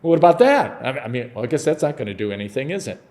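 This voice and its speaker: A man's voice: mid-range voice, expressive, very fast, darkish tone. A man preaching a sermon as pastor, explaining a Bible passage in a casual, conversational way and acting out scenes with humor.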